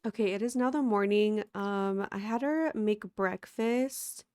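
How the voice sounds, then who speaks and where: A woman's voice: mid-range voice, measured pace, darkish tone, clean tone, dry recording. Sleepy, sick woman chatting over gameplay. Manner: chatty, giggly, talks to viewers. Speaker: let's play host. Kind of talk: casual gameplay commentary.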